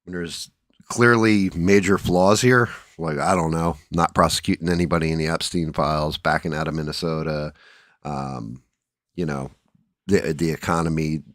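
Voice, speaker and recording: A groggy man hosts a casual livestream chat, his voice sitting very low. He rambles bluntly, swears freely and restarts his sentences. The sound is dry and close, with no room around it. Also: fairly even intonation, moderate pace, dry recording. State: groggy, just woke up. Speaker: livestream host.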